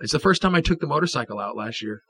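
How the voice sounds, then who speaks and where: A man's voice: on the high side, expressive, very fast, fairly bright tone. A man co-hosting a local podcast, hyping an upcoming event with enthusiasm. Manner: enthusiastic, hypey promoter. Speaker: podcast co-host. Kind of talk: casual chat.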